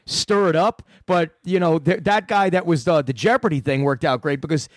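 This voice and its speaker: Profane, rambling man with a high voice. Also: moderate pace, no echo, studio quality. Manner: profane, rambling storytelling with many restarts. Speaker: prank-call comedian answering a fan. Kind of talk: casual radio chat.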